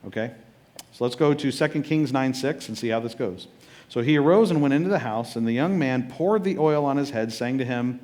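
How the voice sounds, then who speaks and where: A man's voice: mid-range voice, fairly quick, darkish tone. Casual, joking male pastor preaching. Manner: casual storytelling with jokes and acted-out quotes. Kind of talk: sermon.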